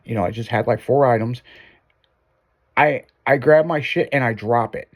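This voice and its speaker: Profane, animated storytelling man. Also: mid-range voice, normal speed. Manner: profane, animated storyteller who acts out quotes. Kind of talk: casual storytelling chat.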